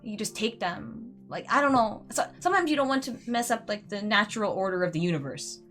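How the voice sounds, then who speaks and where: Chatty woman streamer with a lively voice. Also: medium pitch, brisk, faint music behind. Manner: chatty, rambling, uses "like" a lot. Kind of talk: casual gameplay commentary.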